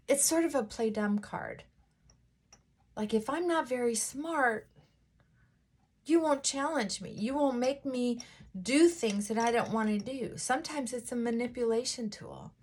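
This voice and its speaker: A woman vlogger chatting casually while getting ready, talking things through in a thoughtful, unhurried way with frequent pauses and fillers. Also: fairly high pitch, breathy edge. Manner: unhurried, reflective, thinking aloud.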